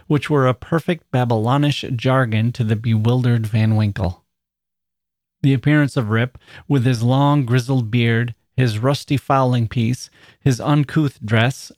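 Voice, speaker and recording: A podcast host reading a classic story aloud in a measured, expressive way. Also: male voice, medium pitch, dry recording, clean studio sound.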